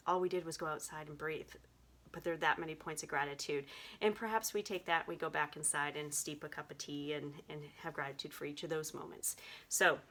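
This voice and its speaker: A middle-aged woman hosting a self-help video, talking reflectively with gentle, musing delivery and many fillers. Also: lowish voice. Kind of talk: reflective talk to camera.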